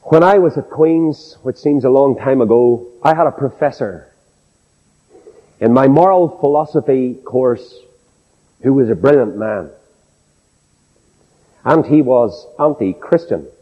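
A man with a Northern Irish accent preaching a sermon, telling stories with folksy asides and dropping from high exclaims to low confiding tones. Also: animated, unhurried, pauses often. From Northern Ireland. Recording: dull lo-fi tape in a reverberant hall.

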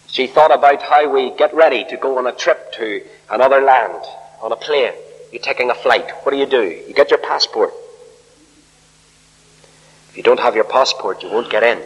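An older man preaching a sermon, emphatic, swinging from loud peaks to quiet low lines. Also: slightly rough, big-room sound, rough recording. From Northern Ireland.

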